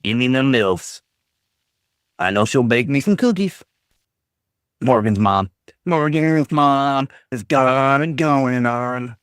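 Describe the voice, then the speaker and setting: Slowly and with long pauses, a man reads his live-stream chat out loud and reacts with jokey, teasing banter. His voice is medium-pitched, a bit bright and clean, recorded in studio quality with no room sound.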